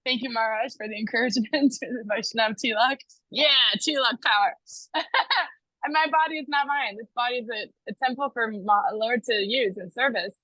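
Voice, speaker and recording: Chatty bright-voiced American woman. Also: fairly high pitch, fairly quick, no echo, rough recording. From United States. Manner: chatty, laughing often, self-correcting. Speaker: visiting devotee sharing news. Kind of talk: casual devotional sharing.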